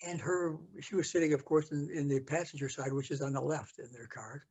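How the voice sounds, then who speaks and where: An older American man telling a story from his past in an interview, halting with many fillers and restarts. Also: on the high side, steady tone, darkish tone, breathy edge. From United States. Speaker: interview guest. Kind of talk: storytelling recollection.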